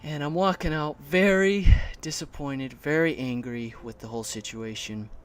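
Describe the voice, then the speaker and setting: A man's voice: a little high, normal speed, a little hiss or hum. Agitated man telling a story. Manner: heated, animated retelling with swearing. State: voice shaking with anger. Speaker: collector vlogger. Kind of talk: casual storytime.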